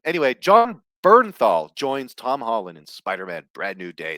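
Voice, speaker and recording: A man's voice: medium pitch, sing-song, normal speed, pushed and bright, dry recording. A man hosting a solo commentary show, ranting bluntly and sarcastically with plenty of swearing. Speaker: host.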